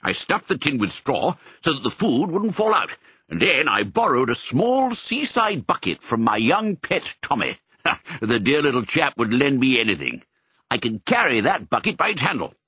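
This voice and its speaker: A man's voice: mid-range voice, big pitch swings, pushed and bright, breathy edge, no echo, exaggerated voice. A man doing a bluff old sheepdog colonel. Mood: hearty. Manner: brisk, bluff, fatherly. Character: hearty elderly male sheepdog colonel. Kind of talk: audiobook character voice.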